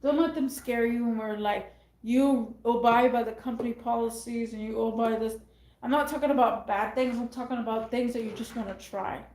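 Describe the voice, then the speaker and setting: A woman talking straight to her viewers in a loose, rambling way, circling back to the same phrases. Her voice sits a bit high. The sound bounces around an echoey room. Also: steady tone, brisk, darkish tone. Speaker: vlogger. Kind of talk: casual talk to camera.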